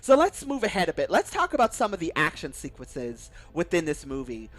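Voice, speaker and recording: A man's voice: a little high, huge pitch swings, fairly quick, a bit bright. Gushing male movie reviewer. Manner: gushing, effusive, repeats "I love"; acts out quoted movie lines. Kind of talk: casual spoiler review.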